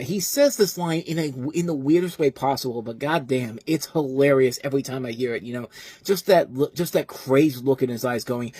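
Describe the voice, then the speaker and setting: A man talks through old movies in a loose, rambling review, restarting his sentences as he goes. His voice sits at an ordinary middle pitch and is recorded dry and close, with no room sound. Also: darkish tone, husky, no echo. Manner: rambling, self-correcting, enthusiastic asides. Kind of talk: casual review monologue.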